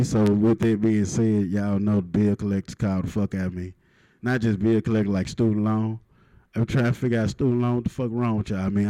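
A man, doing a profane stand-up set at an open mic and punching lines with loud outbursts. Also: on the low side, no echo, rough recording. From Mississippi, USA. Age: 30s. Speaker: stand-up comedian. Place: open mic stage in a live venue.

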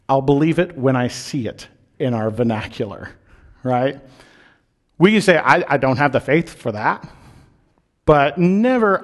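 A man preaching a sermon in a conversational way, with fillers and restarts, slowing down on key phrases and rising for emphasis. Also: a little high, vocal fry.

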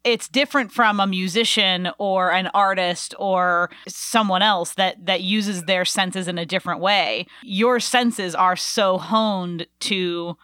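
Slow-spoken female host, smooth clear voice, thoughtful interviewer. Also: mid-range voice, steady tone, fairly bright tone, no echo, studio quality. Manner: reflective, encouraging listener. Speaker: podcast host. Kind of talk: casual interview chat.

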